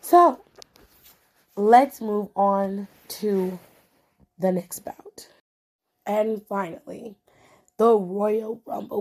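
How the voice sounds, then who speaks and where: A woman's voice: medium pitch, mellow, breathy edge. A woman hosting a wrestling podcast, ranting bluntly and with lots of swearing at her listeners. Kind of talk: casual podcast commentary.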